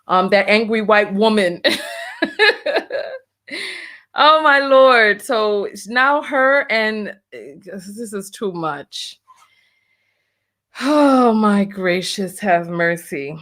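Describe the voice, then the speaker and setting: A woman's voice: medium pitch, slow, fairly bright tone. A woman hosting a casual livestream, reading donations aloud, laughing often and exclaiming "oh my Lord" and "have mercy.". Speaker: livestream host.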